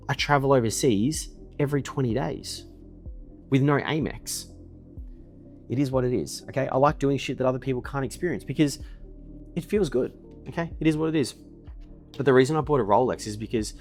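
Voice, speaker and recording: A man, boasting and swearing in a casual monologue to camera from his desk, ending points with a pushy "okay?". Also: medium pitch. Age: 20s. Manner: boastful and profane, keeps tagging "okay?". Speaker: email marketing business owner. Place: indoors at his desk in a villa.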